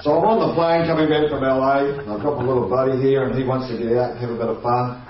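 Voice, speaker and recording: A man telling a comic anecdote, acting out the people in it with a lively, chuckling delivery. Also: mid-range voice, quick pace, slight background noise. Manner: lively, acts out other voices, chuckling. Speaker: guest storyteller. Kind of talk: comedic anecdote. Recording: echoey, distant, dull sound.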